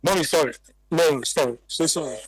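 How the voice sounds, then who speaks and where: A man, reporting live from a flooded neighborhood and gently interviewing residents. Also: fairly high pitch, a little fast, slightly rough, no room sound, poor audio. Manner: calm, gentle interviewer who consoles guests. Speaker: field reporter. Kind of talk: live on-scene news report.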